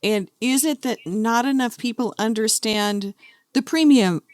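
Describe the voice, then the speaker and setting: A woman's voice: a little high, unhurried, darkish tone, no echo, clean studio sound. A woman hosting a podcast, talking conversationally and framing questions for her guest. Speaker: podcast host. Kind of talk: casual interview.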